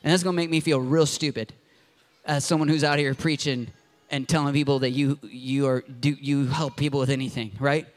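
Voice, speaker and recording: A man preaching a sermon as a pastor, telling stories with lively, joking energy and sudden loud outbursts. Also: medium pitch, fairly quick. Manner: animated storytelling with loud outbursts and jokes. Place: church.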